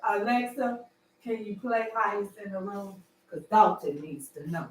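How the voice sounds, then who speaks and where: A woman chatting on a casual livestream, animated and teasing, jumping between loud outbursts and low murmurs. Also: moderate pace, slight background noise. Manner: flirtatious, teasing. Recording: echoey room, far from the mic.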